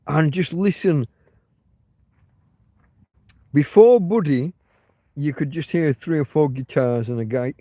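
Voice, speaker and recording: English male streamer, slow and mellow, rambling, hiccuping, dry close sound. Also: mid-range voice, no room sound. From England. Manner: rambling, swearing, trailing off with ums. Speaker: livestream host. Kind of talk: casual livestream chat. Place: home.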